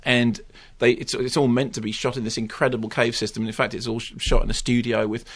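A man reviewing films on a radio chat show, opinionated and given to exasperated rants that climb in pitch. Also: level tone, quick pace. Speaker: film critic.

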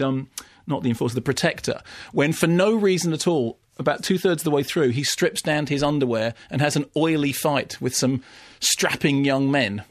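A man's voice: medium pitch, dry recording, studio quality. A man reviewing films on the radio, ranting and theatrical, dropping into comic impressions. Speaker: film critic. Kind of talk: animated radio film review.

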